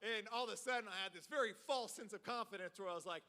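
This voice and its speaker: A man tells a story from the pulpit, lively and loose, his sentences full of filler words. His voice sits high and sounds bright. The sound rings in a large, reverberant church hall. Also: fast talker. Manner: animated, heavy use of filler words. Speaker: preacher. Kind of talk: storytelling sermon. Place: church sanctuary.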